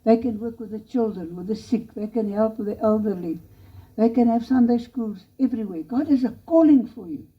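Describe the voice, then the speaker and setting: A woman's voice: on the high side, a little fast. A woman preaching a missionary appeal in a church chapel, earnest and pleading as she tells a story. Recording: lo-fi dull recording.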